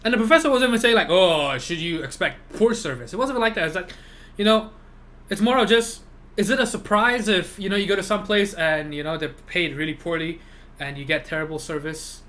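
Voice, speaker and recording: Young male streamer with a lighter, higher voice. Rants loosely and swears freely. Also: a little fast, fairly bright tone. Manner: rambling rant full of "you know" and swearing. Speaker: live streamer. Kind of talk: casual chat with live viewers.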